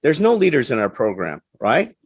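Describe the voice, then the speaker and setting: A man's voice: mid-range voice, huge pitch swings, moderate pace, breathy edge, dry recording. Emphatic man lecturing, dry sound. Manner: conversational, checks in with frequent "right?" tags; plain-spoken and emphatic. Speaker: guest speaker on addiction recovery. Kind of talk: lecture to a live audience. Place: talk in front of a seated audience.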